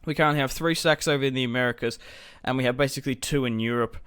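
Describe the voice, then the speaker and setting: A man's voice: mid-range voice, a bit bright, clear, resonant tone, dry recording. A young man giving casual commentary over a strategy game, thinking aloud as he plans his moves. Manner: thinking aloud, musing and unhurried. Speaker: gaming video host.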